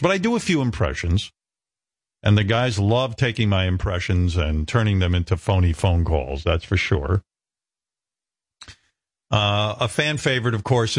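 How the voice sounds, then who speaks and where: A man hosting a radio talk show, blunt and halting, often restarting his sentences. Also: fairly low pitch, no echo, clean studio sound. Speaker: radio host.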